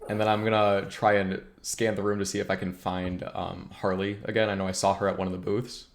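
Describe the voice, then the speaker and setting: Tabletop player, male, earnest and hesitant, low voice. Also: level tone, a little fast, vocal fry. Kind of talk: in-character roleplay chat.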